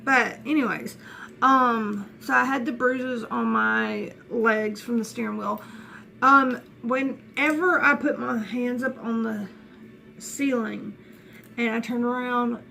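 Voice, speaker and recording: Woman with a gravelly, bright voice. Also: fairly high pitch, steady tone, takes it slowly, soft background music. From Southern United States. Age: 20s. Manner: rambling, chatty, frequent restarts and asides. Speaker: vlogger. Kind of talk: casual storytelling to camera.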